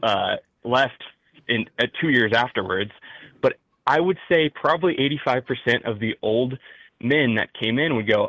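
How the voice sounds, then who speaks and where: A young man with a Midwestern accent, calling in to a talk show and speaking in a halting way full of fillers and restarts. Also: mid-range voice, fairly bright tone, no echo, low-quality recording. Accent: Midwestern American. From rural Midwest. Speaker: caller. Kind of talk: call-in talk show conversation.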